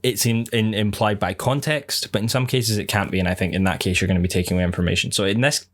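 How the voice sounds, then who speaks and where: Young man, podcast co-host, lowish voice, earnest, rambling, casual chat. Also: steady tone, fast talker, a bit bright. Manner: long-winded, earnest opinions.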